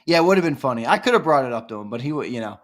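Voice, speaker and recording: A man hosting a casual live-stream sports fan show, chatting with viewers and breaking into loud, excited hollers. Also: mid-range voice, rapid-fire.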